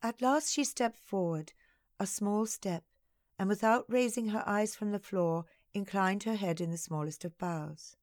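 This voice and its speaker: A woman narrating a historical novel in the first person, in slow, measured storytelling. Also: mid-range voice, a little mellow, no room sound, clean studio sound.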